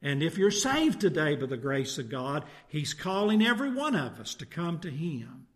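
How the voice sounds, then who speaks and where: A man delivers a sermon in a church, first reading scripture aloud and then preaching on it. He leans on rhetorical tag questions to draw in his listeners. His voice sits a little higher than most men's. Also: very animated, normal speed.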